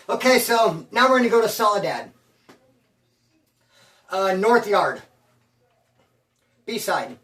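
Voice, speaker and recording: A man who served time telling prison stories in a casual, slangy, animated streetwise way. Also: high-pitched, takes it slowly, pauses often, distant mic. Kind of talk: casual storytelling. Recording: roomy sound from away from the mic.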